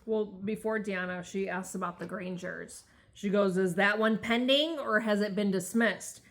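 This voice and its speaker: A woman co-hosting in casual chat, calmly adding details to the story. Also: mid-range voice, moderate pace. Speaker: co-host.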